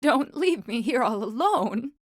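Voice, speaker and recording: A woman's voice: on the high side, sing-song, measured pace, no room sound, studio quality, voice pushed up. A woman voicing a timid, nervous female sheep in a read-aloud storybook, in a raised, pleading voice. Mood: worried.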